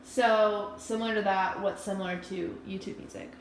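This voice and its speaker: A woman's voice: mid-range voice, fairly even intonation, normal speed, a little hiss or hum. Young woman moderating a focus group. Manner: asks questions, rephrases answers back. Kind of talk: casual moderated discussion. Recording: roomy classroom recording.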